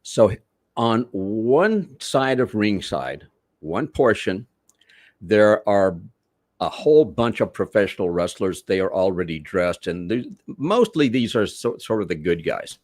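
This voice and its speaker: Older male raconteur, showy and rambling, low-pitched, dry close recording. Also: expressive, unhurried, a little mellow, no room sound. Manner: rambling, theatrical, old-school showman. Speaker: guest, veteran wrestler. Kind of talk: storytelling in a podcast interview.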